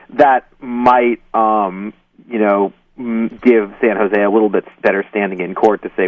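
Halting man on a tinny phone line. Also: lowish voice, fairly even intonation, dry recording, far from the mic. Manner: halting, full of ums and you-knows, hedging. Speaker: guest journalist. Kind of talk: phone-in interview.

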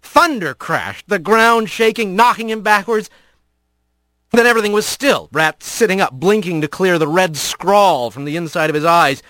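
Male narrator, high bright voice, dry close sound, lively storybook read. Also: normal speed, no room sound. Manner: vivid, varied reading.

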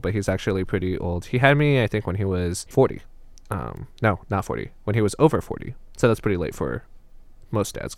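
A young man telling personal family stories on a podcast, animated and slipping into quoted voices. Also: on the low side, no room sound. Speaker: storyteller.

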